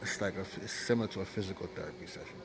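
A man's voice: sits low, fairly even intonation, rapid-fire. A male caller from Brooklyn with a Brooklyn accent, hesitant and apologetic, stopping and restarting often. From Brooklyn, New York.

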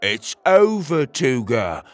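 A man's voice: mid-range voice, very animated, slow pace, no echo, a faint crowd. A man voicing Petey, a brave young platypus hero, in an earnest, raised voice for an audio story.

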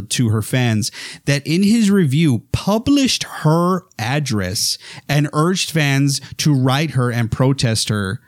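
Brief: chatty male podcast host, excitable and rambling, dry close sound. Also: medium pitch, unhurried, no echo. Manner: animated, rambling with restarts. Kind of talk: casual film chat.

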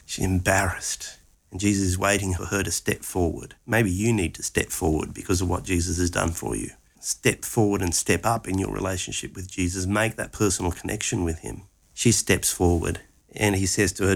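A man's voice: deep voice, normal speed, vocal fry. A man retelling a Gospel story conversationally, acting out its lines with animation.

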